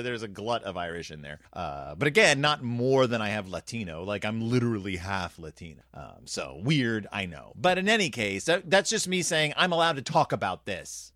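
Wry, rambling man with lively pitch. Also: dry recording, studio quality. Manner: rambling, wry, self-deprecating humor. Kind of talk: casual storytelling monologue.

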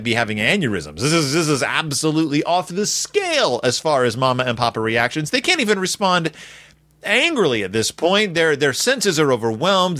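Lively, sarcastic man recapping a kids' book. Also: a little high, no echo. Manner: sarcastic, exaggerated, rambling. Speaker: podcast host reviewing a children's book.

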